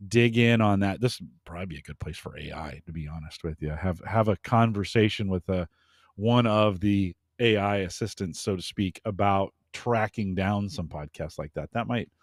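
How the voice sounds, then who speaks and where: A man co-hosting a podcast, chatting casually and giving advice in a relaxed, friendly way. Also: sits low, moderate pace, dry recording, studio quality. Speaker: podcast co-host.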